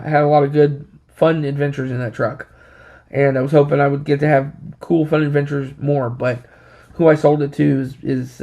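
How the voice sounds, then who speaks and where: Rambling, slightly high-voiced man. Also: gravelly, darkish tone. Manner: rambling, with many fillers and restarts. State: short of breath. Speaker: vlogger. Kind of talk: casual storytelling.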